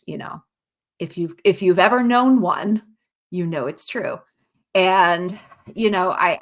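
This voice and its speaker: Woman author, low-pitched, chatty. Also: a bit bright. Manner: chatty, reflective, with many fillers. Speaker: author guest. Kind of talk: casual podcast chat.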